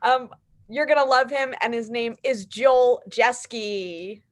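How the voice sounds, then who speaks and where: A woman's voice: a little high, slow. A woman hosting a live comedy show over a video call, chatty and bubbly as she introduces the next comic. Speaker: host.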